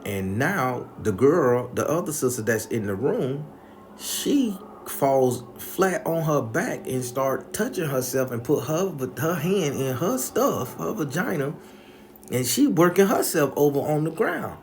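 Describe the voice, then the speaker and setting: A man's voice: fairly high pitch, very animated, measured pace, a little hiss or hum. A man telling a crude, comedic story in casual, profane slang.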